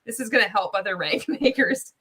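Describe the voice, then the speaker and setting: A woman hosting a casual livestream reaction, talking to her viewers in a chatty way. She laughs often and her voice sits at an ordinary middle pitch. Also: a little fast, pushed and bright, slightly rough. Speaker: host.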